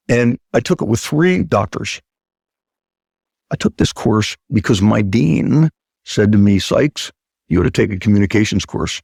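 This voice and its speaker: Gravelly husky guy, surgeon guest, emphatic, keeps repeating his points, dry sound. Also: mid-range voice, a little mellow, no room sound. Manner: emphatic, acts out quoted patient and doctor talk; repeats key points for stress. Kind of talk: conversational interview talk.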